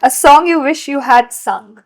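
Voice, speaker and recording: A woman's voice: high voice, unhurried. Bubbly woman podcast host. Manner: bubbly, laughs often. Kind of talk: interview, rapid-fire questions.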